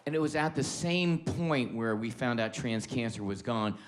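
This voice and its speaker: Man, middle-aged, stand-up set, profane, shifts from shouting to hushed, laughter behind. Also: mid-range voice, lively intonation, normal speed, a loud crowd, very noisy. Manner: loud swings between shouting and hushed confiding; profane, conversational, self-mocking. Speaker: stand-up comedian.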